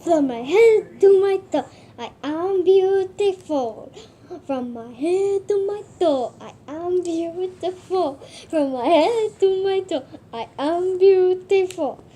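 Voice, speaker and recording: A woman's voice: sits high, animated, mellow. A woman voicing a vain, sassy pet bird with a put-on French accent, preening and theatrical. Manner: preening and theatrical, slow drawn-out delivery. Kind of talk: comic pet voice-over vlog.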